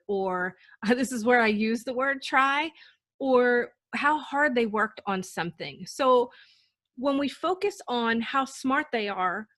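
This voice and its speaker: A woman's voice: fairly high pitch, a bit bright, no echo. A woman coaching parents on how to talk to their children, earnest and encouraging, sometimes acting out sample phrases. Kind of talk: instructional talk.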